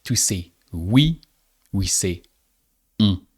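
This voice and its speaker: A man teaching spoken in a guided speaking lesson, patient and deliberate, drawing out each example phrase. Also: fairly low pitch, expressive. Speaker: French teacher.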